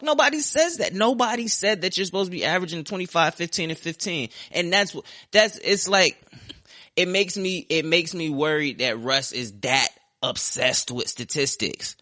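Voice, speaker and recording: A man's voice: fairly high pitch, pushed and bright, no room sound, studio quality. A young man hosting a podcast, ranting about sports in a heated, profane, sarcastic way. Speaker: podcast host.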